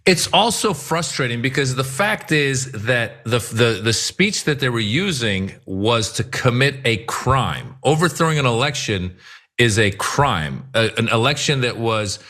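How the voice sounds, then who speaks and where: Guy ranting on a politics show, punchy bright voice, quotes people in little voices. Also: medium pitch, lively intonation, measured pace. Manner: exasperated, emphatic, acts out quotes. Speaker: co-host. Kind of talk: political commentary chat.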